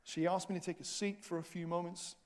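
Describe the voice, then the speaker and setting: A man preaching in a church, telling a self-mocking travel story with lively humor. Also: high-pitched, brisk. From Wales. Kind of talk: storytelling sermon. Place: church hall.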